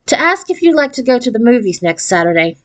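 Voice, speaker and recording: A woman's voice: fairly high pitch, sing-song, fast, pitched above the performer's own voice. A woman voicing a bold, slightly theatrical fifth-grade girl in a storybook read aloud.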